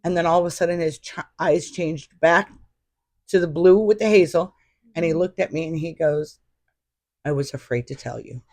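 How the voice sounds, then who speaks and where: A middle-aged woman speaks as a podcast guest, telling a personal story with lively emphasis. The recording is dry and close, with no room sound. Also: fairly low pitch, moderate pace, no room sound.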